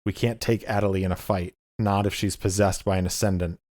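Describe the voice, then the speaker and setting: A man's voice: deep voice, fairly even intonation, fairly quick, darkish tone, close to an everyday voice. A man doing an urgent wounded aunt.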